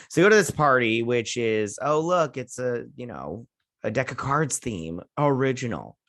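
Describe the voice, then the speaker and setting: A man's voice: medium pitch, expressive, moderate pace, a bit bright, no room sound, studio quality. A man casually recapping and reviewing a TV episode, rambling and sarcastic, paraphrasing characters as he goes. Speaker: show reviewer.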